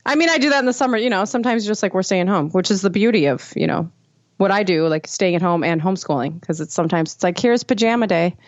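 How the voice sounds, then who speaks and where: A woman co-hosting a podcast in casual chat, talking with frequent restarts and lively quoting. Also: on the low side, fast talker, no echo, dull audio. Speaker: podcast co-host.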